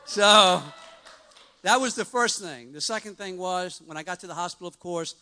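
A man's voice: high voice, normal speed, bright, forceful tone. A middle-aged man giving a personal testimony to a church congregation, earnest and rambling, with frequent restarts and fillers.

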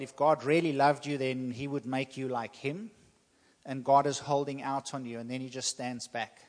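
A man preaching a sermon to his congregation, emphatic and repetitive, with slow dramatic pauses. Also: mid-range voice. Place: church hall. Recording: long church hall reverb.

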